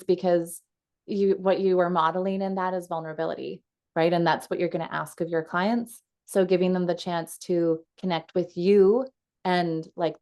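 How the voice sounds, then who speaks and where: A woman coach leading a casual teaching call from home over a video call, chatty and quick to laugh, with frequent fillers. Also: lowish voice, a little mellow.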